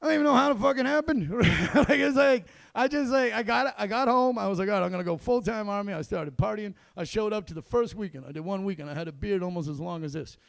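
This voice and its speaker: A man doing a stand-up comedy set on a club stage, telling a story that swings between loud bursts and low muttered asides. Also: quick pace, creaky, hardly any pauses, no echo.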